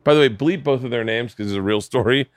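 A middle-aged man telling a story in a casual podcast chat, lively and profane, jumping into voices for the people in it. His voice sits at a mid pitch. The sound is close and dry. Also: fast, no echo. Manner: animated, swearing, acts out voices while telling stories. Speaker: podcast host. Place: home podcast studio.

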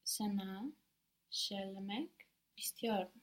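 A woman learning a language, answering her teacher carefully and sounding out words slowly. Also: mid-range voice. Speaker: language student. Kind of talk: learner repeating and answering in a lesson.

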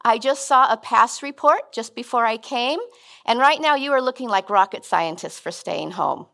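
A woman's voice: on the high side, normal speed, vocal fry, a bit bright. Earnest middle-aged woman preaching. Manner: conversational, earnest, with frequent restarts. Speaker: guest speaker. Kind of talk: sermon.

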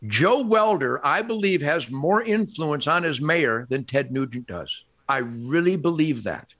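Animated, bright-voiced older man. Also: on the high side, measured pace. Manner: emphatic, boastful, laughs often while telling stories. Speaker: guest. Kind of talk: animated storytelling in conversation.

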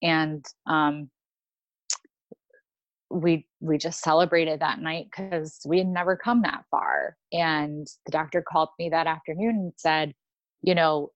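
A woman's voice: low-pitched, fairly even intonation, a little slow, dry recording, lo-fi sound. A young woman telling a personal story in casual chat, with many fillers and restarts. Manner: rambling, lots of fillers and restarts. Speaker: podcast guest.

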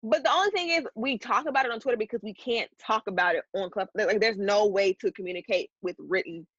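A woman hosts a loose podcast conversation, talking in a rambling, chatty way and laughing often. Her voice is dry and close, with a slightly dull, lo-fi tone. Her pitch sits mid-range for a woman. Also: fast, fairly bright tone, husky, no room sound. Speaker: podcast host. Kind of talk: casual podcast chat.

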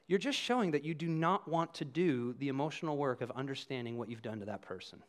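A middle-aged man preaching a sermon as pastor, talking conversationally and sometimes dropping to a hushed, quiet voice. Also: mid-range voice, lively intonation, quick pace, few pauses.

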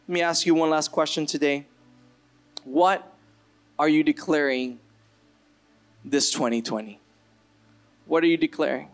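High-voiced man preaching a sermon. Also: fairly even intonation, unhurried, long pauses, smooth. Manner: earnest preaching, rising to impassioned bursts. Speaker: pastor.

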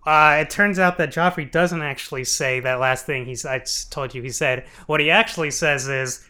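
Man, bright voice, animated, laughing, casual podcast recap. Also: fairly high pitch, clean tone. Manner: animated, laughs often, acts out characters in quick bits. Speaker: podcast co-host. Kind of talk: casual chat, recapping a show.

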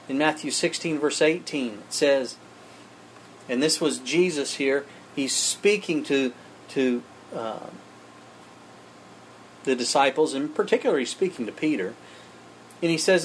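A man's voice: mid-range voice, a little slow, long pauses, slight background noise. A man preaching a sermon, speaking emphatically and addressing his listeners as friends.

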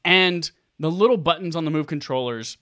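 A man co-hosting a casual gaming podcast, excitable, swearing freely and acting out his own reactions. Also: fairly high pitch, normal speed, no echo, studio quality. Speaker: podcast co-host.

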